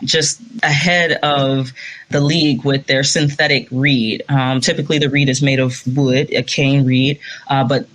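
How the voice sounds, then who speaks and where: Brief: lively woman guest, a saxophonist, an eager storyteller. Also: extremely low pitch, measured pace. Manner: enthusiastic storyteller, laughs often. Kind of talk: casual interview chat.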